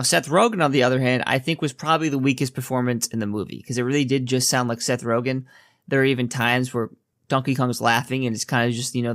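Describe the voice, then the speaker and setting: A man's voice: medium pitch, no room sound. Guy doing a laid-back movie review, kinda rambly, normal mid voice, dry close sound. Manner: relaxed, chatty, many "like" fillers. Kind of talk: casual spoken review.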